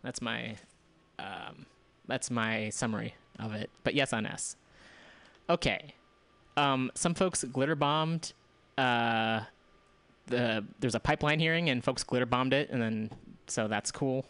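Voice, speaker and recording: A man's voice: medium pitch, moderate pace, a bit bright, dry recording. A man hosting a community radio show, running through news items in a loose, casual way, with asides and restarts. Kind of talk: casual news roundup and commentary.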